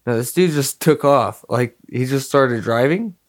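A young man telling stories in a relaxed, rambling way, full of slang and swearing. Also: mid-range voice, unhurried. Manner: laid-back, rambling storyteller with lots of slang and swearing. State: dry mouth, slightly hoarse. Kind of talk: casual chat.

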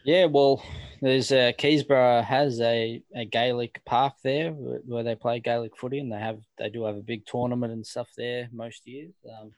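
A man's voice: medium pitch, level tone, normal speed, dry recording. An Australian man co-hosting a podcast in casual chat, laid-back and hesitant. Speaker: podcast co-host.

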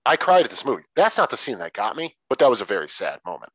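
A man in a casual film-discussion chat, relaxed and swearing freely, stretching out words for emphasis. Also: medium pitch, quick pace, breathy edge, no room sound, poor audio.

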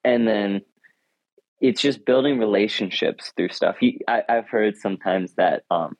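A man's voice: on the low side, a little slow, no echo, low-quality recording. A teenage boy answering interview questions in a thoughtful, earnest way, often restarting his sentences. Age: teens. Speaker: high school runner and guest.

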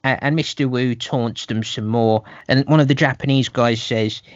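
A man's voice: medium pitch, fairly even intonation, moderate pace, hardly any pauses, no echo. Man recapping a film, dry sound. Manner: rambling, restarts, puts on quoted voices. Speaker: podcast co-host. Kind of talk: casual film recap chat. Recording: dull, slightly muffled, dry sound.

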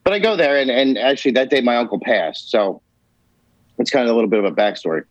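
A man's voice: medium pitch, fast talker, dry recording. A man telling a rambling, emphatic personal story on a podcast, swearing freely. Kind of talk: casual storytelling. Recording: dull, lo-fi podcast audio.

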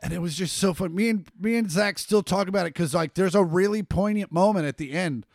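A man's voice: sits high, a little fast, darkish tone, dry recording, clean studio sound. A man co-hosting a casual podcast, telling rambling, mocking stories with a good deal of swearing. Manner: laid-back storytelling, swearing, mocking. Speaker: podcast co-host. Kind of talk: casual chat.

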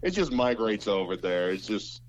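A man's voice: fairly low pitch, big pitch swings, normal speed, slight background noise. A man co-hosting a podcast, trading dry, jokey banter in casual chat. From United States. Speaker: podcast co-host.

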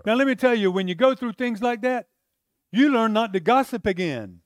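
A man with a fairly high voice preaches a sermon in a plain, conversational way. He tells personal stories, acts out his old arguments in animated bursts, and often checks that the listeners are following him. The sound is dry and close. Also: a little slow, long pauses, dry recording. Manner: animated storyteller acting out his own past arguments. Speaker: pastor.

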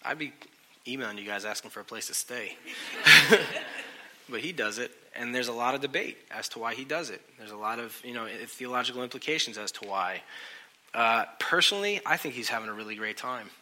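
A man preaching a sermon in a lively, joking way, often asking his listeners questions. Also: medium pitch, fairly quick. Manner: animated, joking, asks the crowd questions. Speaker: pastor.

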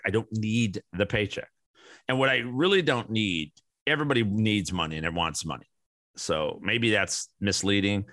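A man's voice: fairly low pitch, sharp tone, dry recording. Blunt, profane man ranting hard. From American Midwest. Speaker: podcast host. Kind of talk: ranting monologue.

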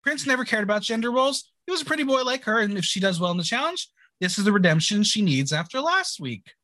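A man's voice: high voice, big pitch swings, fast talker, bright, forceful tone, no echo. A man hosting a casual recap chat, playful and theatrical, teasing his co-host. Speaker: podcast host.

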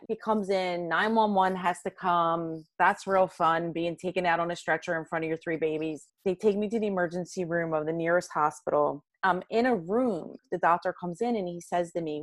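A woman in her fifties, a podcast guest, telling a personal story in a lively way and acting out quoted lines. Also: lowish voice, normal speed, hardly any pauses, no echo. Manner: animated, acts out quoted lines.

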